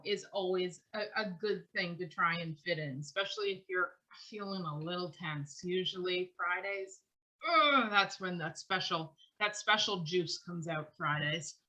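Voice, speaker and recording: A woman's voice: medium pitch, sharp tone, rough recording. A woman teaching a vocal class, talking in long run-on phrases and laughing between thoughts. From Canada. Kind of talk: online class lecture.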